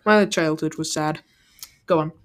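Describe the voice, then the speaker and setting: A woman's voice: low voice, unhurried. A woman playing a casual guessing game as the contestant, joking and laughing as she talks. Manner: playful, jokey, laughs often.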